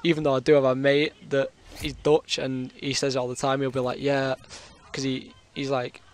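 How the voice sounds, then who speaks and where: A man's voice: medium pitch, flat delivery, normal speed. A British man with a sore throat, telling a long rambling story in casual chat over his gameplay. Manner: rambling, chatty, full of fillers. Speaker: gaming commentator.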